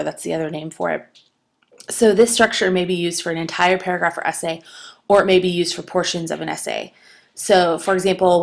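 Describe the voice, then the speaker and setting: A woman giving a recorded writing lecture, explaining patiently with some fillers and restarts. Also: lowish voice. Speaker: writing instructor.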